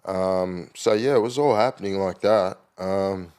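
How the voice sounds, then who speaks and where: A man's voice: deep voice, measured pace, a little mellow, clear, resonant tone. A middle-aged Australian man, a podcast guest, telling loose anecdotes in casual chat with lots of fillers and restarts. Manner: rambling anecdotal storytelling with many fillers.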